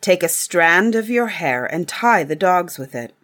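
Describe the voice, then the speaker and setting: A woman's voice: fairly low pitch, lively intonation, unhurried, fairly bright tone. A woman voicing a hungry, scheming female wood witch in a storybook reading, whining and pleading. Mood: sly.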